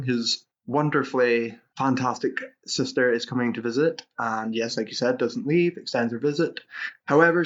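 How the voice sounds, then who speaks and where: Man, casual film chat, sweary, rambling, mid-pitched, lo-fi sound. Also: a bit bright. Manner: rambling, sweary, restarts sentences. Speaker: podcast co-host.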